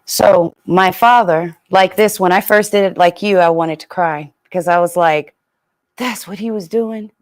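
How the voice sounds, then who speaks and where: Animated woman running a group talk, acts out her folks, pretty dry sound. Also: lowish voice, moderate pace, hardly any pauses, no room sound. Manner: animated, acts out quoted parents. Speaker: community session leader. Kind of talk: live community discussion.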